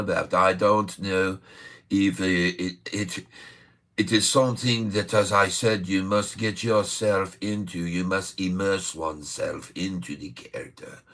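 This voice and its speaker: On his day-trading livestream, this middle-aged host speaks in a deep, creaky voice that still comes across fairly bright. He keeps things chatty and playful, laughing a lot and saying things more than once.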